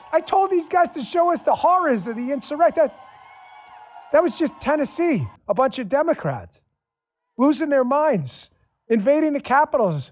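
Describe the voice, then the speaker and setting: A man hosting a political talk show, delivering a sarcastic, combative monologue and swearing freely. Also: very high-pitched. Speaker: show host.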